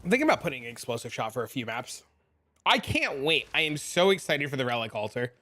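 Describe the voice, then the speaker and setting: A man's voice: medium pitch, very animated, fast, bright, forceful tone. A young man streaming a game live, chatting with viewers and ranting profanely about fellow players. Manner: profane, ranting, reacts to chat. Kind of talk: live stream chat while gaming.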